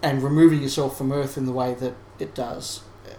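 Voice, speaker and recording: A man's voice: mid-range voice, flat delivery, a little fast, mellow. A man co-hosting a casual podcast discussion, talking in a thoughtful, analytical way with frequent restarts. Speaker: podcast co-host. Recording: roomy sound with faint background hiss.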